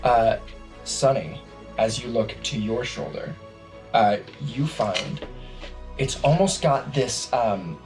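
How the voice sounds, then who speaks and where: A man narrating a tabletop game as game master, slow and relaxed with frequent fillers. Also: medium pitch, music in the background, rough recording.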